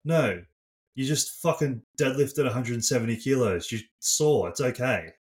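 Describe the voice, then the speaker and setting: A man co-hosting a casual podcast, relaxed and matter-of-fact, quoting a client's words and swearing casually. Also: medium pitch, normal speed. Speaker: strength coach co-host.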